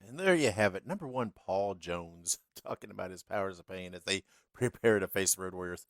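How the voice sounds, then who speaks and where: Low-pitched and expressive, this man talks fairly quickly while hosting his podcast, with no echo on the audio. His storytelling is loose and talkative, full of laughter and filler words.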